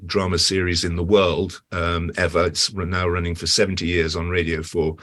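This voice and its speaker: A man's voice: flat delivery, normal speed, a bit bright. A man in his sixties from Britain, a guest actor chatting casually in an interview, rambling with restarts and fillers. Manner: acts out quoted voices with big pitch jumps.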